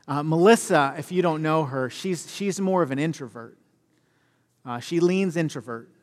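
A man's voice: a little high, normal speed. A man giving a sermon as pastor, conversational and self-deprecating, full of fillers. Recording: long reverb of a church hall.

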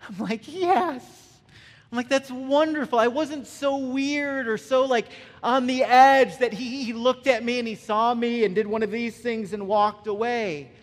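A male pastor giving a conversational sermon, often checking in with the listeners with a quick "right?". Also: extremely high pitch, steady tone, long reverb tail. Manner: conversational, frequent "right?" asides.

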